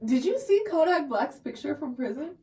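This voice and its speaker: A woman's voice: high voice, moderate pace, recorded from a distance. A woman co-hosting a casual podcast, telling a story with lots of swearing and acting out what people said. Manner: animated storytelling, acts out quotes loudly, swears freely. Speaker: podcast co-host. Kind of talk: casual chat.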